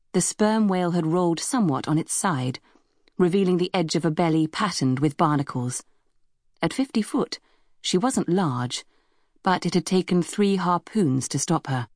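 Narrator, female, low register, dry close sound, measured storytelling. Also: a little mellow, dry recording. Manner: measured storytelling, voices dialogue with raised pitch. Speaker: audiobook narrator. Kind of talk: scripted narration.

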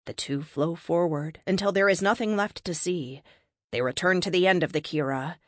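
A woman narrating a science fiction story in a calm, deliberate reading. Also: on the low side, dry recording, clean studio sound.

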